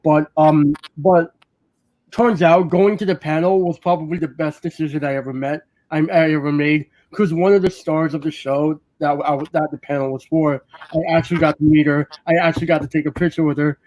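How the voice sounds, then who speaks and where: A man's voice: a little high, fairly even intonation, brisk, a little mellow, no echo. A man co-hosting a casual podcast, recounting a story with many ums and restarts. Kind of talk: casual chat.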